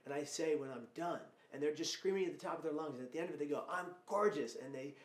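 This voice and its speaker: A man hosting a podcast, talking emphatically and growing loud when telling stories. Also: on the high side, very fast. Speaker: podcast host and speaker. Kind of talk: podcast conversation. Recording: roomy echo.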